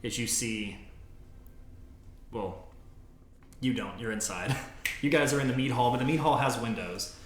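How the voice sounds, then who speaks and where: A man's voice: mid-range voice, measured pace, long pauses, roomy sound, noisy background. A man acting as game master, narrating a tabletop game in a loose, descriptive way with many fillers.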